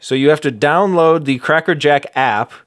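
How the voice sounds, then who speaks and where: A man's voice: on the high side, normal speed, a bit bright, no echo, studio quality. A man co-hosting a podcast, chatting in an easygoing, wry way. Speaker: podcast co-host. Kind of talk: casual comedic chat.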